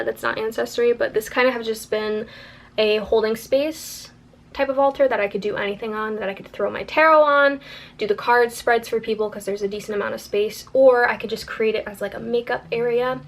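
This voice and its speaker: A woman's voice: on the high side, fairly even intonation, fairly quick. A young woman vlogging casually at home, chatty and playful as she shows things to the camera. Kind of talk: casual vlog chat. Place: home, indoors.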